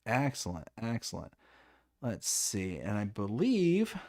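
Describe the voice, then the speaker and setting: A man's voice: medium pitch, warm tone. A man hosting a livestream interview, reading viewer questions and asking long, wordy questions with enthusiasm.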